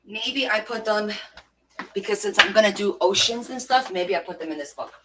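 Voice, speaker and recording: A crafting vlogger works on a junk journal while chatting casually to her viewers, gushing over stickers in what she calls a valley-girl lilt and talking to herself as she sorts them. Her voice is mid-range at a normal pace, and the recording is very noisy.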